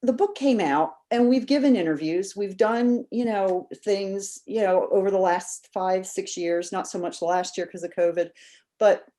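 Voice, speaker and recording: Mellow-voiced woman telling a story. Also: medium pitch, moderate pace. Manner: animated storyteller who acts out quoted voices. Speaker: podcast guest, biographer. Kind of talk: casual interview storytelling.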